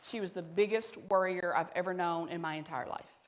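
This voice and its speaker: A woman pastor with a Southern US accent delivers a conversational sermon in a fairly low voice. She talks to the congregation and at times drops to soft, intimate tones. The sound rings with the long reverb of a church hall. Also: fairly quick.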